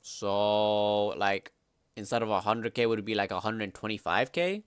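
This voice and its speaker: A man's voice: lowish voice, a little slow, clean tone, no echo. Slangy young streamer guy. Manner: loud, slangy, excitable outbursts. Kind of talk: casual reaction commentary.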